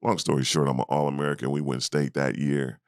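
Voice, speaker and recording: Speaking a touch fast, a man in his fifties with a very deep voice, a guest and ex-basketball player, relates a past experience in an easygoing interview. He voices the other figures in bursts of higher, more energetic speech. It's a close recording with no room sound.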